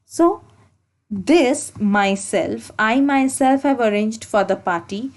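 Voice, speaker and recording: A woman teaching an English grammar lesson for exam preparation, explaining slowly and deliberately, repeating key points and correcting herself as she goes. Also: on the high side, lively intonation. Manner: slow, deliberate explaining with repetition and self-corrections.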